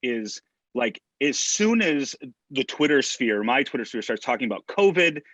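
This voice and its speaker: A man's voice: mid-range voice, big pitch swings, normal speed, a bit bright, dry recording, dull audio. A man talking casually on a podcast, emphatic and chatty, often checking in with "right?".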